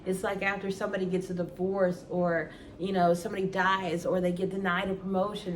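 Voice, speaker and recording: A woman's voice: lowish voice, level tone, brisk, few pauses, distant mic, a little hiss or hum. A woman talking earnestly and emotionally to her viewers about faith in a personal vlog at home. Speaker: vlogger. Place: at home indoors.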